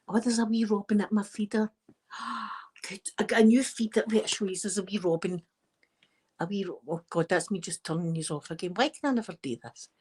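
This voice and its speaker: A Scottish woman hosting a casual live stream, chatting to her viewers in a rambling, lively way with plenty of asides. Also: on the high side, low-quality recording. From Scotland.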